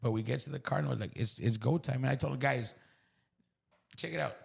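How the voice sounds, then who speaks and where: A man with a South Texas accent telling an emotional personal story on a podcast, raw and profane, dropping to hushed whispers and then bursting out loud. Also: mid-range voice, steady tone, fast, creaky, slightly rough. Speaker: podcast guest.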